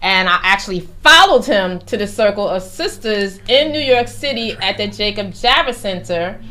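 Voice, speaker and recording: A woman co-hosting a radio talk show, insistent in the quick back-and-forth. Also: medium pitch, animated, sharp tone. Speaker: radio co-host.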